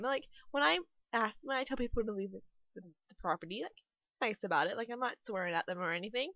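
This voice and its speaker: A woman's voice: a little high, animated, fast talker, bright, forceful tone, dry recording, muffled recording. A young woman from Canada chatting casually as she rambles, with a lot of "like" and "you know". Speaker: YouTuber, restaurant worker. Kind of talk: casual chat over a speed build.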